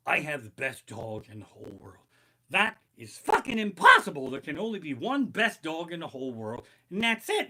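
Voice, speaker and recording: A man doing a stand-up comedy rant from his living room on a basic home streaming setup, profane and exasperated, with loud outbursts. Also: mid-range voice, rough recording.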